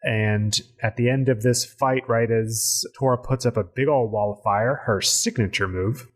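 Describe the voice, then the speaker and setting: A podcast's game master, with a mid-range voice, recaps the last game session haltingly and fills it with many fillers.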